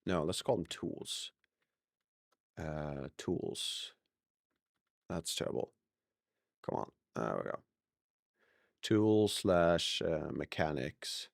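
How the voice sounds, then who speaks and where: A man's voice: very deep voice, lively intonation, very slow, gravelly, pauses often, dry recording, studio quality. A young man streaming live, chatting casually to viewers, rambling and correcting himself as he goes, laughing often.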